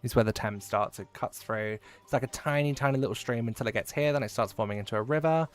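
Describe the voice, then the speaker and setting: Over soft background music, a fast-talking Englishman with a slight Midlands accent chats casually while gaming on stream, rambling and swearing plenty. His voice is mid-range.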